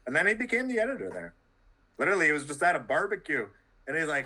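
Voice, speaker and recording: A man from Canada chatting as a podcast guest, his voice bright and forward. He rambles loosely, leaning on "like" and starting sentences over. The tone is casual and conversational. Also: fairly high pitch, sing-song, fast talker, poor audio. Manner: rambling, many "like"s and restarts.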